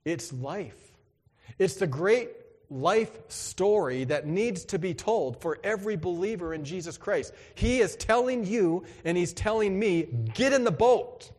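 Lively man preaching in a reverberant hall. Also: high-pitched, measured pace. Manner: lively, conversational, acts out voices and exclamations. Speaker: pastor. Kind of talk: sermon.

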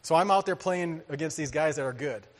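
A man preaching a sermon, telling a story with lively energy, acting out voices and laughing often. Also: a little high, brisk. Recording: hall reverb.

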